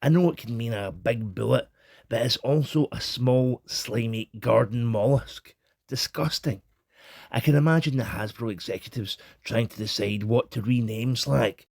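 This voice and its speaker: Scottish bloke reviewing toys, cheeky and irreverent, bit husky. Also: male voice, mid-range voice, moderate pace, a little mellow, no echo, studio quality. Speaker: toy reviewer. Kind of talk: scripted comic review.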